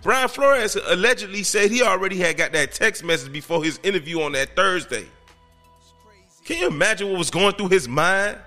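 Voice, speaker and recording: A man hosting his own podcast, talking casually in an excitable, slangy, emphatic way. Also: high-pitched, moderate pace, faint music behind. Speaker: podcast host. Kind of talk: casual solo podcast commentary.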